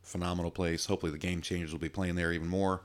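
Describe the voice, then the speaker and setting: Racing along in a deep, level-toned voice, a Virginia podcast co-host chats casually. He keeps things joking, rambling, and easygoing.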